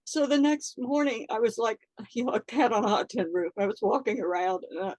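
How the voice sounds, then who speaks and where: An older woman telling a personal story in an interview, halting and earnest, with many fillers, close to tears. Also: a little high, darkish tone, no room sound, low-quality recording. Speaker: interview guest.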